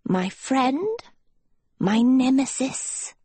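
A woman doing a high, wistful young witch turned hag. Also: very animated, extremely slow, warm tone, breathy edge, dry recording, heavily acted. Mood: pleading.

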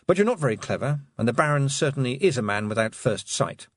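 Man doing a calm steely girl witch. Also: medium pitch, no echo, clean studio sound, close to an everyday voice. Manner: calm, firm, measured.

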